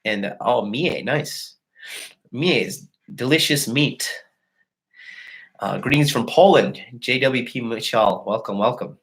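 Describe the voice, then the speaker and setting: A man's voice: medium pitch, slow, pauses often, a bit bright. A man in his thirties hosting a casual livestream, telling crude, boastful stories with a lot of swearing and laughter, and greeting viewers as he goes. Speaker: dating coach host.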